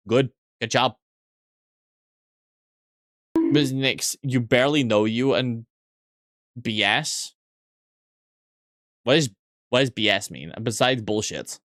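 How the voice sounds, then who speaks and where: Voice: medium pitch, a bit bright, no room sound, studio quality. A streamer chatting casually with viewers, joking crudely, swearing often and rambling through restarted sentences. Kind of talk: casual livestream chat with viewers.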